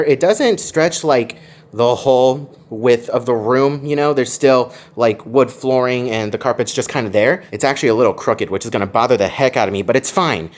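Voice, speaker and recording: A man giving a casual hotel room tour as a theme park vlogger, chatty and easily excited, with his voice jumping up when something surprises him. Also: medium pitch.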